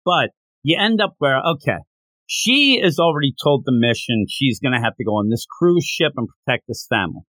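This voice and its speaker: Animated man recapping a manga. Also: medium pitch, brisk, no echo. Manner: animated, acts out characters' lines mid-story. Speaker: podcast co-host. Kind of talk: casual chat recapping a manga chapter.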